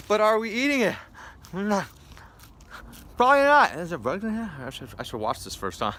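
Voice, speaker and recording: A male wellness coach pitches his program with upbeat, persuasive energy. His voice sits a little low but sounds bright and forceful. Casual fillers slip in as he talks straight to viewers. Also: a little hiss or hum. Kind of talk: direct sales pitch to viewers.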